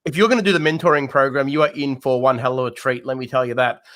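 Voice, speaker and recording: A man co-hosting a live trading show explains trading ideas and addresses viewers directly, acting as a trading mentor in a market analysis chat. His mid-range voice is steady and fairly bright, and he talks fast.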